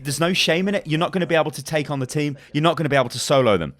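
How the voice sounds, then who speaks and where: Young gaming host, a touch high-voiced, emphatic and repetitive, a bit hoarse from ranting. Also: male voice, rapid-fire, fairly bright tone. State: slightly hoarse. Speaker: gaming YouTuber. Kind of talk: fast-paced game tips guide.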